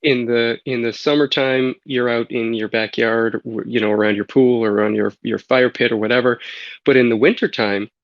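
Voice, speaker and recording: A man's voice: mid-range voice, fairly even intonation, normal speed, no echo. A Canadian man with a Canadian accent, a podcast guest chatting casually, stammering and restarting as he rambles. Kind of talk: casual chat. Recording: slightly dull lo-fi audio.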